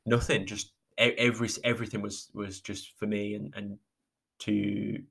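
A man speaks in a low, slightly deep voice. He talks slowly through a personal story, restarting sentences and trailing off. He sounds close to tears. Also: level tone, creaky, fairly bright tone, husky. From England. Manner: halting, with many restarts and trailing pauses. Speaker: podcast host. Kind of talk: reflective personal monologue.

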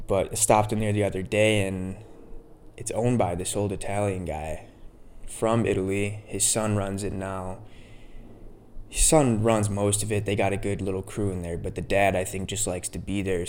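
Laid-back low-voiced man rambling. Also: a little mellow. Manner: laid-back, profane, storytelling. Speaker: podcast host. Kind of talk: casual rambling monologue.

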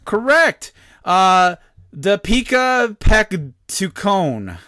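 A man's voice: high-pitched, very animated, extremely slow, pushed and bright, no room sound, studio quality. A man hosting a comedy podcast, reading quiz questions in a playful, mock-serious way. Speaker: podcast host.

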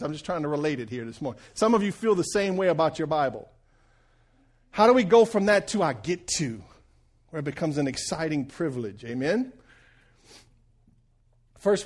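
A man in his forties delivers a sermon with a slightly high-pitched voice. He tells homespun stories and jokes, asking the congregation if they follow him. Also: a little mellow. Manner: folksy storytelling with jokes and audience check-ins. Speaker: pastor.

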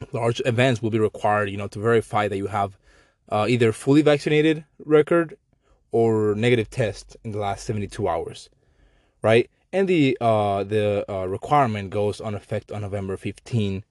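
A man's voice: fairly low pitch, darkish tone, dry recording, studio quality. A man with a Mexican accent hosting a podcast, ranting in a sarcastic, profane, slangy way. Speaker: podcast host. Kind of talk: casual podcast rant.

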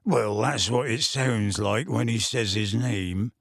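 A huge, gentle half-giant, as a male narrator puts him on, with a deep, slow, hushed delivery and rustic grammar. He sounds anxious and close to tears, earnest even when pleading. The voice is dry and close, with no room around it. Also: gravelly, slightly rough, dry recording, full character voice.

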